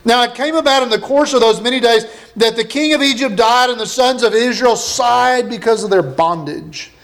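A man with a high voice preaches in a relaxed, conversational way. He stops to read scripture passages aloud, then talks them through with his listeners. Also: normal speed. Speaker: pastor. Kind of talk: sermon with scripture reading.

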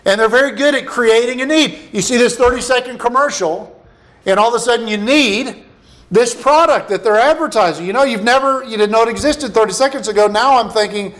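A man with a high voice preaches in a relaxed, conversational way. He stops to read scripture passages aloud, then talks them through with his listeners. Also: brisk. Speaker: pastor. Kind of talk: sermon with scripture reading.

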